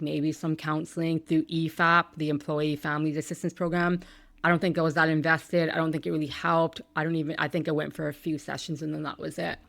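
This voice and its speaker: A woman's voice: sits low, gravelly, a bit bright, no echo. A woman podcast host in her thirties telling a painful personal story, candid and emotional, with some swearing.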